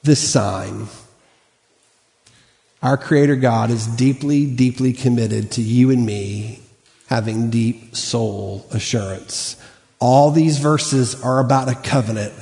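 A man's voice: medium pitch, slow, vocal fry, mellow. A man preaching a sermon, emphatic and repetitive, reading scripture aloud between points. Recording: long reverb of a large hall.

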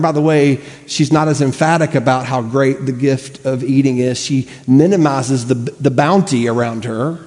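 A man's voice: mid-range voice, normal speed, mellow. A male pastor preaching a sermon earnestly, using rhetorical questions and emphatic repetition. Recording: long reverb of a large hall.

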